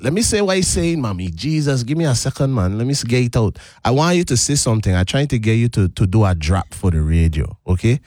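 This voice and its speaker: A man hosting a live radio show from the studio, talking in a loose, laughing way as he coaxes a caller along. His voice sits at an ordinary middle pitch and is miked close and dry, with no room sound at all. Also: animated, quick pace, few pauses, a little mellow, no echo. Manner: chatty, laughing, coaxing a caller. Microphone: studio microphone.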